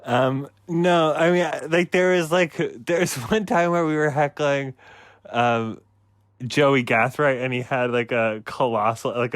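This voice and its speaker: A man's voice: mid-range voice, a bit bright, dry recording. A man co-hosting a podcast, hedging with lots of "like" and "um" and a dry sense of humor. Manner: hesitant, full of likes and ums, dry humor. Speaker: podcast co-host. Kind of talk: casual banter.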